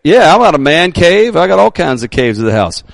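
A male pastor preaching a sermon, emphatic, sometimes shouting his readings, joking about himself. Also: fairly high pitch, very animated, fairly quick, gravelly, no room sound.

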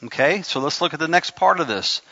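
Male pastor, high and gravelly, bright edge, preaching with emphasis and humor, slightly dull recording. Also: lively intonation, brisk, no echo. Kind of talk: sermon.

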